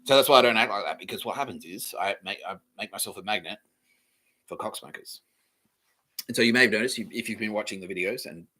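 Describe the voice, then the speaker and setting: A man rambles through a comedic monologue on his podcast, peppered with swearing and quick impressions of other people. His voice sits a little low and comes across bright and forceful, with faint music behind him. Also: poor audio. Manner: swearing, animated, acts out quoted voices. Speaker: podcast host.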